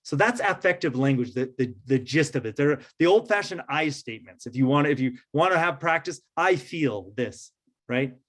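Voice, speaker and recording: A man presents to a room of educators in a loose, conversational way. His voice sits a little on the high side. He keeps checking in with listeners as he goes. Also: animated, brisk, hardly any pauses, a bit bright. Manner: conversational, many fillers and "right?" check-ins. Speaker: trainer leading a teacher workshop.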